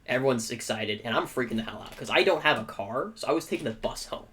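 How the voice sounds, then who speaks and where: A young man co-hosting a podcast, telling a story in a casual, animated way with frequent check-ins to his listener. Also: mid-range voice, fast talker. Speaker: podcast co-host.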